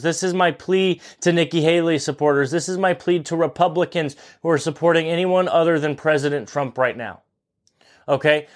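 A young man in his twenties with a slightly higher voice talks straight to his listeners as host. He is earnest and pleading, hammering points home by repeating them. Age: 20s. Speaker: podcast host. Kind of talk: impassioned political monologue.

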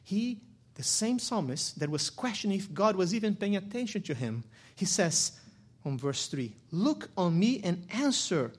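A male pastor preaching a sermon, moving between quiet, reflective passages and loud, emphatic ones. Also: high-pitched, expressive, normal speed.

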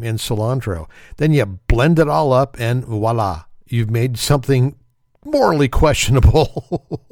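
A man's voice: medium pitch, a little mellow, dry recording, clean studio sound. A man hosting a casual comedy podcast, talking in a wry, sarcastic way and laughing often. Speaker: podcast host.

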